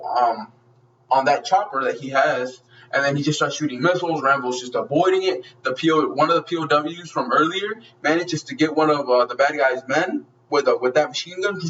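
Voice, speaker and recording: A man with a slightly high voice gushes through an action movie plot, swearing constantly and throwing in gunfire noises. He sounds set back from a dull mic. A faint hiss sits under his voice. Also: recorded from a distance. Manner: excited, profane retelling with sound effects. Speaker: movie reviewer. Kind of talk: casual movie recap.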